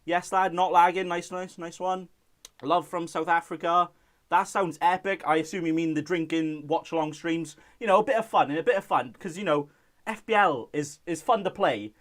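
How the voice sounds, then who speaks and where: A man's voice: fairly high pitch, moderate pace, a bit bright. Chatty young man streaming. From Wales. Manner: chatty and jokey, reads out chat messages. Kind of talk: casual live-stream chat.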